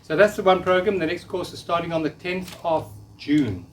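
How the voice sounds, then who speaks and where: A man in his fifties leads a live workshop, coaxing the room to repeat affirmations with feeling. His voice sits a little high for a man and sounds set back from the mic, with a faint hiss underneath. The delivery is earnest and encouraging. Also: normal speed, far from the mic. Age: 50s. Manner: earnest, coaxing, leads audience call-and-response. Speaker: workshop speaker. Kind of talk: live spiritual talk to an audience.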